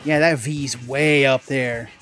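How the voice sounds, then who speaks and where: A young man, a gaming channel host, giving casual gameplay commentary, chatty and excitable, swearing mildly and yelping when things go wrong. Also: slow. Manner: excitable, bursts into high yelps and laughs at mistakes. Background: faint game music.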